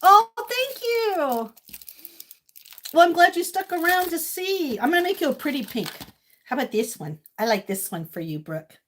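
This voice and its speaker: Woman, 50s, from Maine, livestream host; emotional, gushing, slightly high voice. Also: lively intonation, a little fast, a little hiss or hum. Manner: gushing and emotional, swings between tearful and loud squealing laughter. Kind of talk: casual livestream chat. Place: home kitchen.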